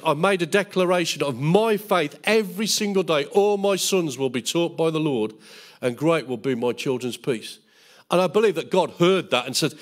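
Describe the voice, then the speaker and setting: A middle-aged pastor teaching a bible school sermon, acting out quotes in a raised, lively voice. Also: male voice, on the high side. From England. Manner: animated, acts out quotes in a raised voice.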